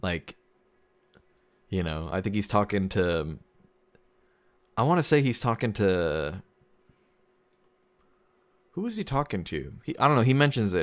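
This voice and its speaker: A man's voice: lowish voice, sing-song, measured pace, long pauses. A young man streaming a game, chatting casually and rambling, often chuckling at his own jokes. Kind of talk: casual gameplay commentary.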